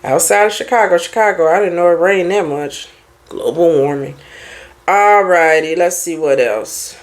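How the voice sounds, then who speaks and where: A woman's voice: fairly low pitch, normal speed. A middle-aged woman therapist and life coach, giving blunt, preachy motivational advice in a casual talk. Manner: blunt, animated, preachy advice with mimicked quotes.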